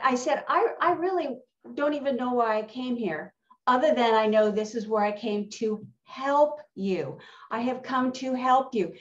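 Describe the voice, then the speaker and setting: A woman sharing a personal testimony in a casual, animated storytelling way, acting out the conversations she recounts. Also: fairly high pitch, a little slow. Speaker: church member sharing a testimony. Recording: distant, roomy, dull sound.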